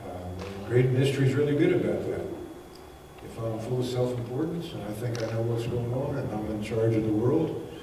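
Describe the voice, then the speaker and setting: A man's voice: mid-range voice, fairly quick, noisy background. A man giving a folksy, anecdotal spiritual talk to a gathering, often chuckling as he teaches. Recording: echoey hall recorded from far off.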